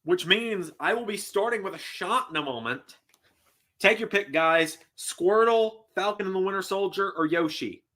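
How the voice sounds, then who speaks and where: A man with a bright, forceful tone hosts a live reaction stream. He talks casually to his viewers, swears freely and breaks into loud, exasperated outbursts. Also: sits high, normal speed. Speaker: host reacting live to wrestling.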